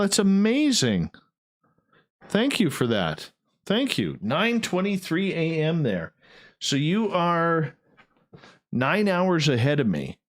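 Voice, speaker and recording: A man hosting a radio show, chatting casually and rambling with frequent restarts and fillers. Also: fairly high pitch.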